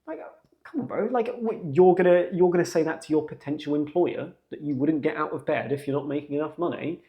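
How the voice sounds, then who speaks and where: Young male podcast host, lively storyteller, slangy and animated, slightly higher voice. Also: fairly quick. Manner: animated, slangy, jumps into acted quotes. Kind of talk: casual storytelling.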